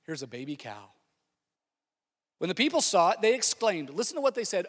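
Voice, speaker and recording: A man preaching a sermon as lead pastor, animated, swinging from loud exclamations to quiet asides. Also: on the high side, moderate pace, long pauses, big-room sound.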